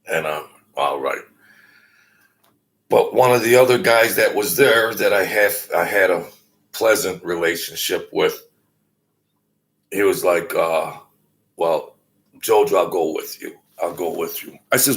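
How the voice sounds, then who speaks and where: A low, gravelly man speaks at an unhurried pace. He tells a story casually and haltingly, full of fillers and restarts, and slips into the voices of the people he quotes. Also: fairly even intonation, a bit bright. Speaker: guest telling a story.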